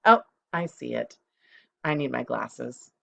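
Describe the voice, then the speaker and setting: A middle-aged woman, a second grade teacher, giving a recorded phonics lesson, speaking slowly and clearly and spelling words out letter by letter. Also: rumbling low, a bit bright, highs cut off, a little hiss or hum.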